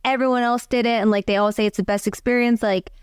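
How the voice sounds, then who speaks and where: A woman's voice: on the high side, fairly even intonation, fast, clean tone, no room sound, clean studio sound. A woman in her thirties, a mother chatting earnestly with her husband in a casual, filler-heavy way. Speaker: co-host, mother. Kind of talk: casual chat.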